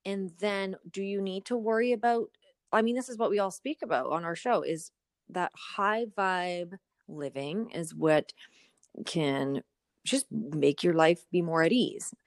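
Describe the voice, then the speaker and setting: A woman in her thirties co-hosting a podcast, chatting casually and telling animated stories. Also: on the low side, unhurried, dry recording, clean studio sound. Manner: animated storytelling, acts out inner voices. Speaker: podcast co-host. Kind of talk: casual chat.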